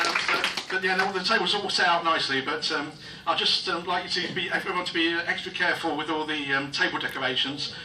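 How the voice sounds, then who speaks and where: A man's voice: a little high, steady tone, fast talker, few pauses, far from the mic, heavy background noise. A middle-aged man giving a nervous, stuttering, self-mocking wedding speech as the bride's brother. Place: wedding reception hall. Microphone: mobile phone far from the speaker. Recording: phone recording from afar, echoey hall, loud crowd. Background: guests chattering and laughing.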